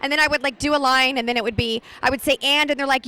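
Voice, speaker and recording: A woman voice actress chatting in a bubbly, animated way during a convention interview. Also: high voice, rapid-fire, no room sound. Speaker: voice actress guest. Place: busy convention floor.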